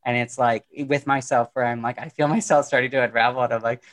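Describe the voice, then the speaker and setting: A man talking as a podcast guest on mental health, casual and animated, joking often and restarting his sentences. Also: medium pitch, fast. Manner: animated, jokey, lots of fillers and restarts. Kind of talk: casual conversational interview.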